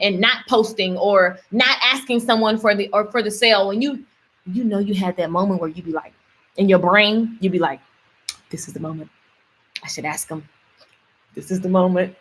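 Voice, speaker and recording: A woman's voice: fairly high pitch, a bit bright. A young woman, coaching her audience in a casual motivational livestream, chatty and preachy and repeating words for emphasis.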